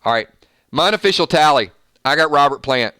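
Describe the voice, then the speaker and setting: Bright, crisp-voiced man hosting a stream. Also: fairly high pitch, brisk, dry recording, clean studio sound. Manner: playful, animated, reading out votes. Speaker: host. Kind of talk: live-stream music matchup chat.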